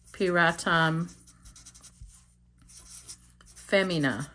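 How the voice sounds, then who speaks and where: A woman teaching a beginner Latin grammar lesson, explaining step by step, slowing down to stress key words and often checking in with "okay?". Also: low voice, sharp tone.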